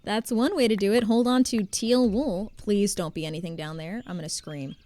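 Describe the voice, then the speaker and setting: A young woman chatting casually while streaming a game, talking to her viewers in an animated, chatty way. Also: mid-range voice, moderate pace. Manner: chatty and animated, talks to chat. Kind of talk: casual gameplay commentary.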